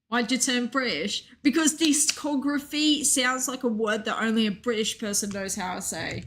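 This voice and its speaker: A woman's voice: fairly high pitch, normal speed, hardly any pauses, a bit bright. An Australian woman streaming a game, chatting casually in a jokey, rambling way and answering her chat.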